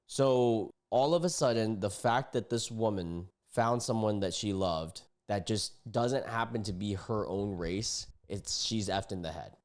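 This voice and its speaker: A man's voice: lowish voice, unhurried, few pauses. A young man streaming, reacting to online posts in casual, slangy commentary, often indignant.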